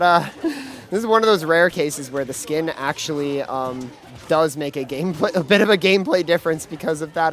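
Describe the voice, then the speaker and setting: Higher-voiced man calling a fighting game live. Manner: excitable, many fillers and restarts. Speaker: esports commentator. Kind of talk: live play-by-play commentary. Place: gaming event venue.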